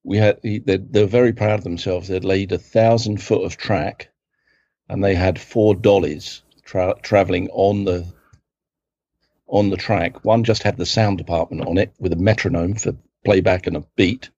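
Husky London man telling stories. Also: deep voice, steady tone, moderate pace, a little mellow, no room sound, dull audio. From England. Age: middle-aged. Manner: rambling, self-correcting, acts out quotes in other voices. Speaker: guest, film assistant director. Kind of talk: casual anecdotal storytelling.

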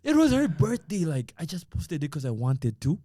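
A man's voice: a little high, normal speed, dry recording, clean studio sound. A young man co-hosting a podcast, telling stories in casual slang and acting out what he said. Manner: animated storyteller, slangy, acts out quotes. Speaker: podcast co-host.

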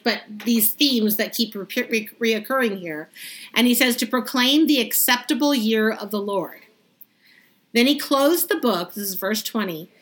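Woman teaching bible study, kinda high voice, reads the verses then talks them through, chatty and animated. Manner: lively, conversational, acts out the crowd's reactions; reads scripture aloud, then explains it in plain words. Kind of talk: Bible study reading and explanation.

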